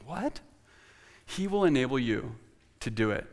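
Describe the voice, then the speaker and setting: A man's voice: medium pitch, very animated, measured pace. A man preaching a sermon as pastor and closing in prayer, earnest and often restarting his words. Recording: long reverb of a large hall.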